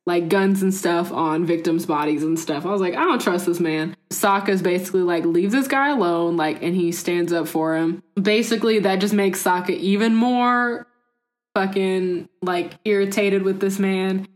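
Casual female podcast co-host, animated, laughs often, mid-pitched. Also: normal speed. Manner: animated, laughing, acts out quotes in playful voices. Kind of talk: casual chat.

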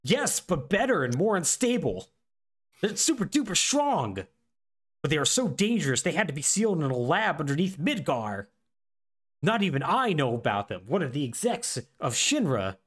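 A man co-hosting a podcast, recapping a game with animated, sarcastic storytelling. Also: a little high, moderate pace. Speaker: podcast co-host.

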